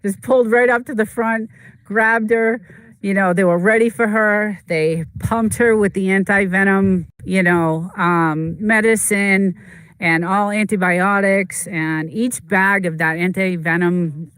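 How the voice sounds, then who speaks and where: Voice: medium pitch, fairly even intonation, unhurried, fairly bright tone, smooth, dry recording. A streamer talking in a rambling, emotional way, full of fillers and restarts, in casual chat from a desert home.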